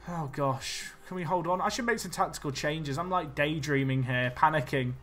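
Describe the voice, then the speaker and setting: A man streaming a football management game, chatting nervously and swinging between low mutters and panicked yelling. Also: moderate pace, faint music behind. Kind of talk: live game commentary.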